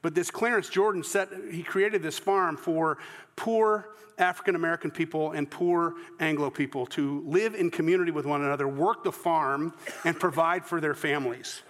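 High-voiced Southern pastor preaching. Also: male voice, fairly even intonation, normal speed, a bit bright, big-room sound. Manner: storytelling, earnest, with false starts. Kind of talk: sermon.

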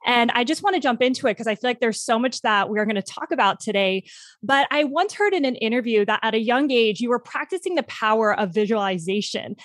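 Upbeat podcast host, dry sound. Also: female voice, fairly high pitch, expressive, brisk, a bit bright, dry recording. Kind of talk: podcast interview.

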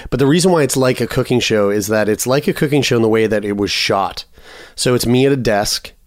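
A man in his thirties from Canada co-hosts a casual podcast. He rambles through his stories and pokes fun at himself. His voice sits at a middle pitch and sounds dry and close. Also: a little fast, dry recording. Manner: rambling, self-deprecating storyteller. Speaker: podcast co-host. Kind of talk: casual chat.

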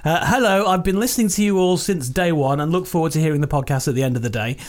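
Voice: mid-range voice, fast. A podcast co-host in casual, jokey chat, reading out listener emails and teasing the others.

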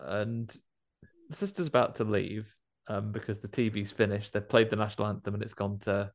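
A man's voice: fairly low pitch, fairly even intonation, normal speed, vocal fry. A man chatting casually about a film, jokily acting out the characters' lines. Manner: jokey, playfully acts out film characters' lines.

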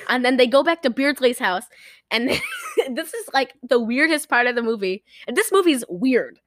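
A woman's voice: high voice, huge pitch swings, normal speed, fairly bright tone, a little hiss or hum. A woman co-hosting a casual movie recap, rambling, giggling and acting out lines from the film. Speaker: podcast co-host recapping a movie. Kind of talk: casual chat.

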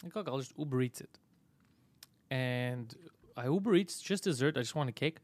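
A man's voice: medium pitch, lively intonation, normal speed, no echo. A man hosting a comedy podcast, teasing his co-host and telling a story in casual, profane chat. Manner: teasing, swears a lot, acts out quotes.

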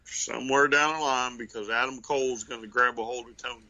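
A man co-hosting a casual wrestling podcast, giving measured, knowing opinions. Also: mid-range voice, steady tone, sharp tone. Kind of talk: casual chat.

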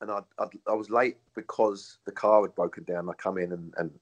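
A man tells stories in relaxed chat. He laughs often and swears freely, dropping into lively anecdotes. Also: on the low side, a little fast, dull audio. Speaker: former footballer guest. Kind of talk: casual chat.

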